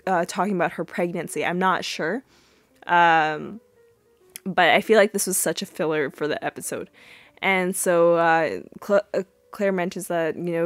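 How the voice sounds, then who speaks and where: A woman hosting a podcast, casually recapping a TV episode with many fillers and sudden high-pitched acted-out quotes. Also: dry recording. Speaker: podcast host.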